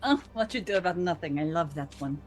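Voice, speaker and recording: A woman's voice: fairly low pitch, expressive, brisk, soft background music. A woman playing a tabletop game in character, with an earnest, playful manner. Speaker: player.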